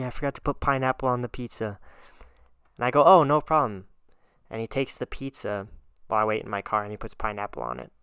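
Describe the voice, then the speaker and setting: A man hosting a podcast alone, telling casual stories in a chatty, animated way and laughing often. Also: on the low side, vocal fry, clear, resonant tone, dry recording, studio quality. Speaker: podcast host. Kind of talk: casual storytelling monologue.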